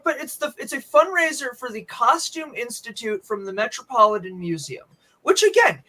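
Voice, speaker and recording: A man guesting on a radio live stream, talking casually in a very high register and rambling with lots of restarts. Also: big pitch swings, moderate pace, pushed and bright. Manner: rambling, restarts with repeated words. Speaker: musician guest.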